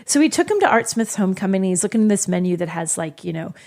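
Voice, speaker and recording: A middle-aged woman co-hosting a podcast in casual chat, talking quickly with teasing asides. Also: mid-range voice, big pitch swings, a little mellow. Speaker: podcast co-host.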